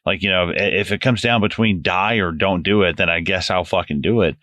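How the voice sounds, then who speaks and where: A man's voice: deep voice, brisk, no echo. A man co-hosting a film podcast, chatting casually and animatedly, swearing now and then. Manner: animated, swears casually, reads listener comments. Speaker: podcast co-host. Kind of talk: casual chat.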